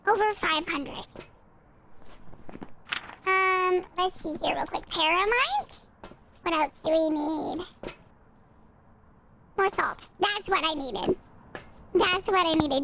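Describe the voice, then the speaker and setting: A woman's voice: extremely high pitch, expressive, measured pace, long pauses, background noise, pitched above the performer's own voice, exaggerated voice. A woman streamer talking through a chipmunk voice changer, chatty and playful.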